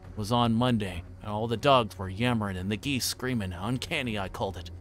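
A man's voice: lowish voice, fairly quick, fairly bright tone, natural voice. A man voicing a fussy, anxious middle-aged male innkeeper who stammers, in a book reading. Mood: grumbling. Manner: flustered, stammering.

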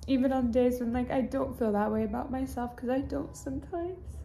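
Young female fitness vlogger, teary crying voice, mellow and slightly high, recorded on a phone in a hotel room. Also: fairly quick, vocal fry, a little hiss or hum. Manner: gushing, heavy use of "like". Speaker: fitness influencer. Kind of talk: casual vlog confession.

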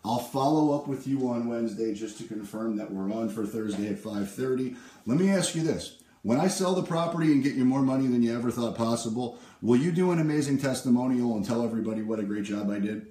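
A man working live cold calls as a real estate agent, pitching hard and making flat side comments. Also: fast talker, reverberant. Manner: pushy, upbeat sales pitch on calls, flat asides. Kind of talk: live prospecting calls with asides.

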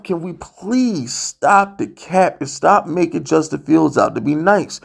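A man with a rough, fry-laced voice delivers a heated sports rant as a vlogger. His pitch sits a little high. He is blunt, profane and plainly fed up. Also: expressive, unhurried, few pauses. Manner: blunt, profane, exasperated ranting.

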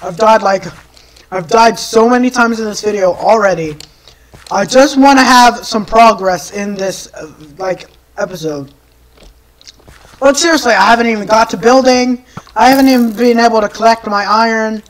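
Exasperated woman yelling through gameplay. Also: on the high side, moderate pace, slight background noise. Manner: exasperated, often yelling and screaming at enemies; rambling, self-mocking asides. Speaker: gameplay video creator. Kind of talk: live gameplay commentary.

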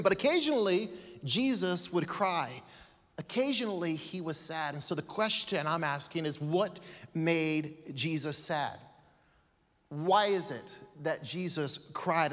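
A man giving a sermon as a guest pastor in a church, earnest and emphatic, with long pauses. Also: high-pitched, fairly bright tone. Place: church sanctuary. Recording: long hall reverb.

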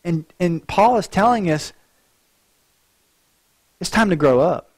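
A man's voice: high voice, animated, slow pace. A male pastor preaching a sermon in an earnest way, often repeating words as he restarts a thought.

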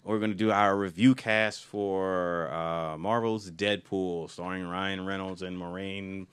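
A man co-hosting a laid-back movie podcast, with a slightly low voice. He rambles eagerly and doubles back on his words, padding his thoughts with ums and uhs. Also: fairly even intonation, unhurried, a bit bright, clean tone. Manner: rambling, enthusiastic, frequent fillers and restarts. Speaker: podcast co-host. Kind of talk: casual film podcast chat.

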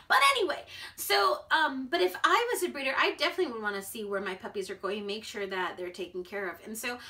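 A woman's voice: a little high, sharp tone. An American woman vlogging in a bubbly, chatty way, full of filler words. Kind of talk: casual chat to camera.

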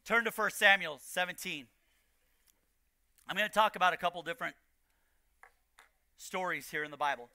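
A man preaching a sermon as pastor, building to shouted emphasis and repeating key lines. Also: sits high, moderate pace, long pauses, dry recording. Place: church.

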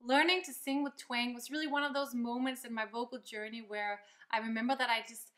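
Bright high-voiced woman teaching singing. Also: fairly even intonation, brisk. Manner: upbeat, encouraging, explains step by step. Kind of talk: vocal lesson with demonstrations. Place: loud location, not a quiet studio.

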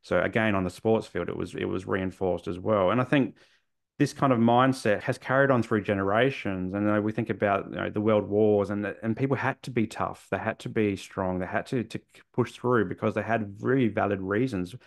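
A man's voice: fairly low pitch, a little fast, gravelly. A middle-aged man speaking earnestly as a guest in an interview, thinking aloud with frequent restarts. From Australia. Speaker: guest, men's mental health therapist. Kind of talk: reflective interview conversation.

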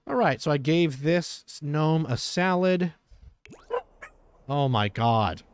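A man giving casual gameplay commentary as a streamer, chatty and quick to exclaim, breaking off to talk to his dogs. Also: a little high, lively intonation, a little hiss or hum. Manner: chatty, exclaims often, talks to his dogs between game remarks. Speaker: gaming streamer.

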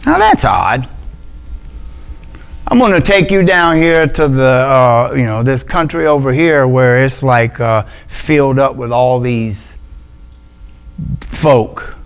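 A pastor from Montgomery, Alabama, with a Southern Alabama accent, delivers a loose, conversational sermon packed with jokes and slang. His medium-pitched voice is animated and smooth, moving slowly with frequent pauses. The audio is poor, captured on a microphone with adjustable sound.

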